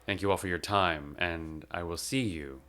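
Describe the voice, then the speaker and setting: Man, low voice, bright forceful tone, measured eulogy delivery, thoughtful pauses. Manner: measured and reflective, with slow emphatic pauses. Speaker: podcast host.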